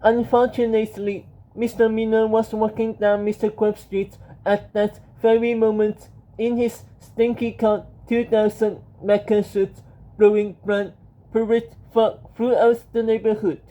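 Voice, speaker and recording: Slow mellow reader for a storybook, steady delivery, lo-fi sound. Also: mid-range voice. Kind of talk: storybook narration.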